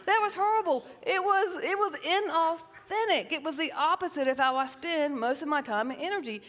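A woman's voice: high-pitched, normal speed. Joking middle-aged woman on stage. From South Carolina, US. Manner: lively, joking, self-mocking, addresses the crowd as y'all. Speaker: psychotherapist giving a stage talk. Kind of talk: storytelling stage talk. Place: large hall with a stage. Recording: long reverb of a large hall.

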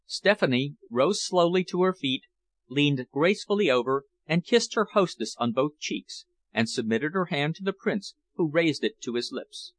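Expressive male audiobook narrator. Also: fairly high pitch, no room sound. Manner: expressive, measured reading.

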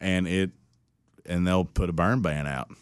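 A young man tells a story in a relaxed interview, slipping into the voices of others and laughing along. His voice sits very low. The sound is close and dry. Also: a little slow, clear, resonant tone, no room sound. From Tennessee. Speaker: country singer guest.

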